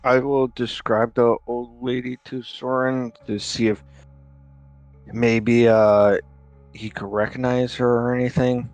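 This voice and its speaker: A male player in a tabletop game speaks slowly and deliberately. He pauses often and fills the gaps with hesitant ums as he lays out ideas. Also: medium pitch, level tone, a little mellow.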